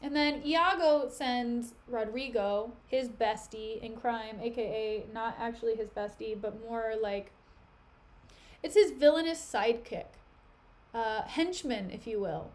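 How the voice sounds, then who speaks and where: A woman's voice: on the high side, a little slow. A young woman streaming, retelling a play in a chatty, slangy way, her voice still recovering.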